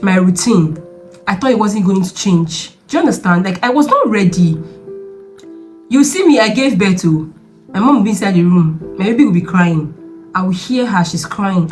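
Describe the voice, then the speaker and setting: Young woman vlogger, mid pitch, chatty and emphatic, repeats for effect, faint music bed. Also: a little mellow. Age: young adult. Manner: chatty and emphatic, repeats herself, often asks the viewer "do you understand?". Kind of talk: casual confessional vlog.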